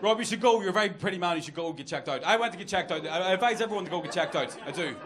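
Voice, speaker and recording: A man's voice: high-pitched, expressive, rapid-fire, very noisy. A young Northern Irish man doing a crude, self-mocking stand-up comedy set and bantering with the audience. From Northern Ireland. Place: comedy club stage, laughing audience. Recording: live club recording with loud crowd. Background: audience laughter.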